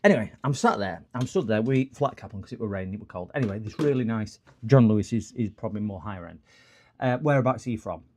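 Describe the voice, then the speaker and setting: A man's voice: on the low side, animated, fast, a little mellow. A man with a northern English accent, chatting casually on a live repair stream and rambling off into long stories. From northern England. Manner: rambling, digressive storyteller.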